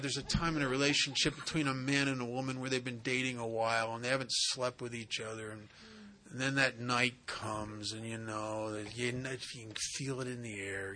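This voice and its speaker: Bright, folksy man telling a recovery story. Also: mid-range voice. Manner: folksy storyteller, wisecracking and emphatic. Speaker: AA speaker sharing his story. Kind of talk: humorous recovery talk at a meeting.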